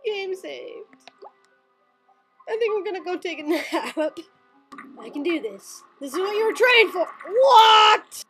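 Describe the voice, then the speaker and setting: A young woman commentating her own gameplay at home, melodramatic and whiny, often yelling in frustration. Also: very high voice, animated, a little slow, long pauses, soft background music. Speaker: let's play gamer.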